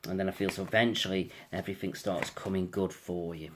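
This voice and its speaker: A man's voice: deep voice, fairly even intonation, fairly quick, background noise. A man giving a casual astrology reading, rambling and reassuring, often repeating "I feel so". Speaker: astrologer and tarot reader.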